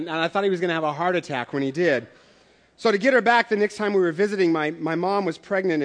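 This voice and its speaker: A middle-aged man, preaching a sermon as pastor, telling stories with humor in a conversational way. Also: fairly high pitch.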